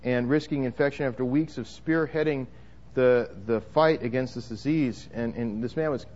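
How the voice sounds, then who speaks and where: A man's voice: medium pitch, moderate pace, a little mellow, dull audio. A man preaching a sermon to a congregation, emphatic, with frequent restarts and repeated words. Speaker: pastor.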